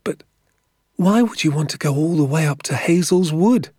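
A man's voice: a little high, expressive, moderate pace, dark tone, breathy edge, dry recording, clean studio sound, pitched above the performer's own voice. A man doing an eager anxious young boy. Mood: anxious questioning. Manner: eager questioning.

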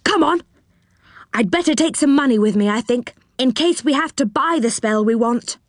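A woman's voice: on the high side, a little fast, dry recording, pitched above the performer's own voice, lightly acted. Woman playing a chatty round-faced magic fellow, eager and polite, lifted voice, dry sound. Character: cheerful round-faced male magical treehouse dweller. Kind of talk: storybook reading.

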